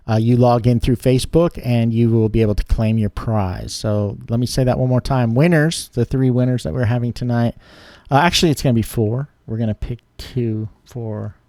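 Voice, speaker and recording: A man's voice: medium pitch, warm tone, no echo, clean studio sound. A man co-hosting a live online show, chatting loosely with many fillers while running a giveaway. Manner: chatty, rambling, lots of fillers. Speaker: co-host of a live fish-keeping show. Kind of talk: live-stream chat with giveaways.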